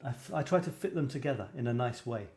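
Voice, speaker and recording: British male host, mellow voice, rambling and self-deprecating, roomy echo. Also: medium pitch, expressive, fast talker. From Britain. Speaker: host of a photography show. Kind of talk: casual livestream chat. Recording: echoey room.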